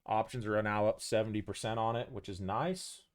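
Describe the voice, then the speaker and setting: A man with a low, smooth voice talks his way through a live trade, calm and conversational as he thinks aloud. The sound is close and dry, with no room around it. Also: normal speed, no room sound. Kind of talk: live trading commentary.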